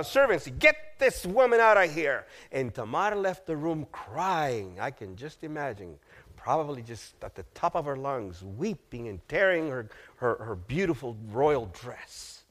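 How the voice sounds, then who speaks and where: Animated preacher man retelling a story. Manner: dramatic, acts out the figures in quoted lines, asks the audience questions; drops to a hushed low voice for grave moments. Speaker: pastor. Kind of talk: sermon storytelling.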